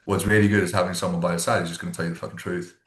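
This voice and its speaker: Low-pitched and flat, his voice races along as this South African man co-hosts a podcast. He's casual and blunt, freely profane, and acts out what his friends said; the room sounds echoey.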